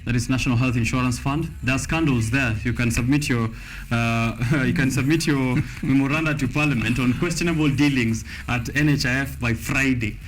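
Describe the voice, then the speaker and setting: Kenyan male TV host, casual and jokey, mid-pitched, faint music under. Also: fairly even intonation, a little fast, hardly any pauses. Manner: laughing, playful. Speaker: TV show host. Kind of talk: casual quiz chat. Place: TV studio.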